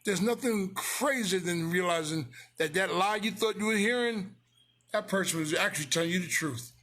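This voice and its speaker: A man's voice: high-pitched, normal speed, sharp tone. A man in a blunt, casual motivational rant, preachy and repeating his lines for emphasis, speaking close to the mic. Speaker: business owner promoting his company.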